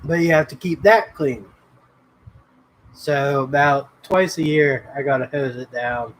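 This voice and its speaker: Against a noisy background, a man hosting a casual livestream rambles easily, reads out comments and says hello to viewers by name. His voice is mid-range and a little slow.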